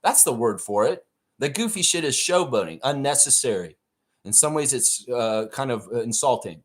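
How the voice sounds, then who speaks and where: A man's voice: medium pitch, moderate pace. A man hosting a live stream, chatting casually and ranting with plenty of swearing. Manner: profane, animated rant reading chat.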